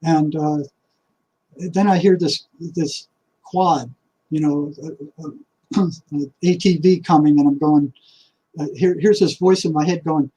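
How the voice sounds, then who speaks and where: An older man, a retired therapist, telling a personal story in a casual, halting way, repeating words and acting out the voices in his head. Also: fairly high pitch, steady tone, warm tone, slight background noise, poor audio. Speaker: retired psychotherapist.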